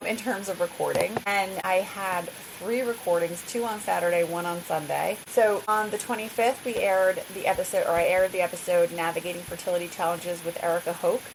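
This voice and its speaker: A woman's voice: fairly low pitch, normal speed, poor audio. A middle-aged woman hosting a podcast, talking candidly and casually, laughing often and filling her talk with "like" asides. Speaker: podcast host. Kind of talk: candid solo podcast chat. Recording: hissy recording.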